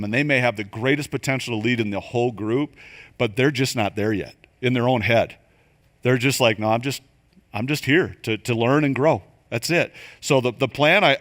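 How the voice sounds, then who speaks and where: An older man teaches a room of church group leaders in a loose, conversational way. He is animated and keeps slipping into quick acted voices and asides to make his points. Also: medium pitch. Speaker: leadership coach. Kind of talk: church training talk. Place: church venue.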